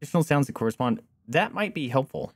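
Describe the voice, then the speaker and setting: A man streaming a video game, reacting loudly and excitedly to a fight as he plays. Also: medium pitch, quick pace, dry recording, studio quality. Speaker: gaming streamer. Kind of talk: let's-play commentary. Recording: game music underneath.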